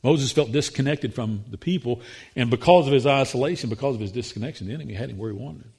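A man preaching a sermon, acting out voices in the quotes, his pitch rising when he gets excited. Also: quick pace, breathy edge.

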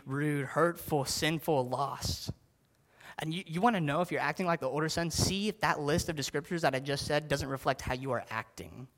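A man's voice: medium pitch, a bit bright. A man preaching casually, often saying "like" and asking his listeners direct questions. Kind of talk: sermon.

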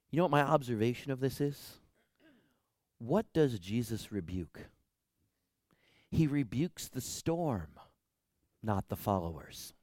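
Animated male pastor preaching. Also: mid-range voice, unhurried, pauses often, dry recording, studio quality. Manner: animated preaching, swinging from hushed to loud pleading. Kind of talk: sermon.

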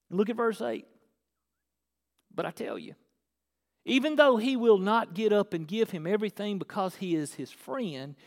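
A man preaching a sermon, asking rhetorical questions and acting out the lines of the people in his story. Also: high-pitched. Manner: animated, acts out dialogue, rhetorical questions. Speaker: pastor. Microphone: filmed on camera. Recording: long hall reverb.

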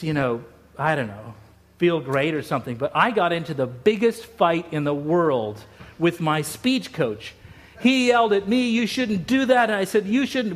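A man from Utah delivers a sermon in a fairly high voice. He tells stories with emphasis and repeats phrases for effect. He sounds middle-aged. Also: a bit bright. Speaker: pastor.

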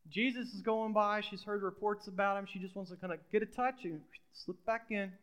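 A man's voice: high-pitched, fairly even intonation, a little fast, fairly bright tone, smooth. A middle-aged man preaching a sermon in a conversational way, repeating phrases and putting questions to the congregation. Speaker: pastor.

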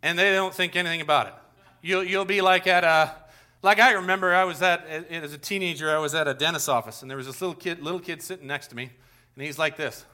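A man preaching a sermon as pastor, talking straight to the congregation and telling lively stories. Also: on the high side, fast.

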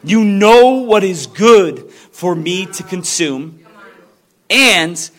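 A man preaching a sermon in a church, mixing casual chat full of ums with slow, emphatic scripture reading. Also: high voice, lively intonation, fairly bright tone. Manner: conversational preaching with frequent ums. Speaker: pastor.

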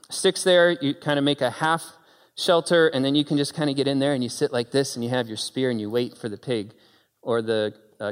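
A man preaching a sermon with animated storytelling and dramatic pauses, recorded in a church hall. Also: fairly high pitch, clear, resonant tone.

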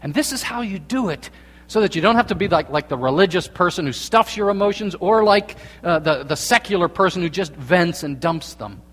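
A man preaching a sermon as a pastor, earnest, dropping to hushed tones and then rising to emphatic points. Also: sits high, animated, brisk. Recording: long reverb of a large hall.

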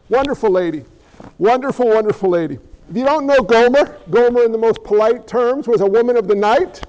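A man's voice: very high-pitched, a little mellow, lo-fi sound. A man preaching a sermon as a pastor, conversational and joking, often asking the congregation questions.

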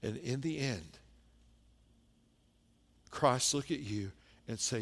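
A male pastor preaching a sermon, moving from hushed, low passages to loud, impassioned stretches full of rhetorical questions to the congregation. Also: slow, vocal fry, pauses often, big-room sound.

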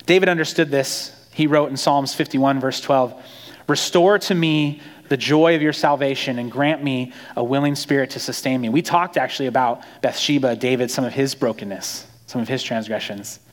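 A man preaching a sermon in a conversational, animated storytelling way, acting out quotes. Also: medium pitch, moderate pace, big-room sound. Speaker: pastor.

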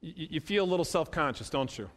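High-voiced preacher in a reverberant hall. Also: male voice, expressive. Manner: emphatic, repeats phrases, slows to stress words. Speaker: pastor. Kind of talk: sermon.

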